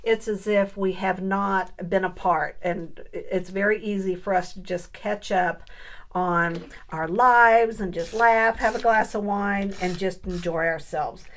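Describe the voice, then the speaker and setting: A woman's voice: medium pitch, measured pace, a bit bright. A middle-aged woman chatting casually through a crafting tutorial, thinking aloud as she works and asking her viewers questions. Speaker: papercraft vlogger.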